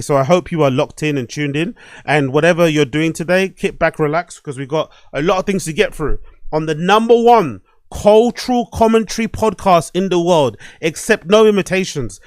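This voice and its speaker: A man's voice: sits high, a little fast, no room sound, clean studio sound. A man hosting a solo commentary podcast, talking animatedly, swearing and repeating himself as he rants. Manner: animated, swearing, repetitive ranting. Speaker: podcast host. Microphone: desk microphone and webcam.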